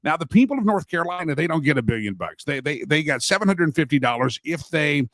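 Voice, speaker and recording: A man's voice: on the high side, big pitch swings, fast talker, fairly bright tone, no room sound. A man hosts a casual daily talk show, rambling and opinionated, and restarts his sentences often. His voice is recorded close and dry, with no room sound.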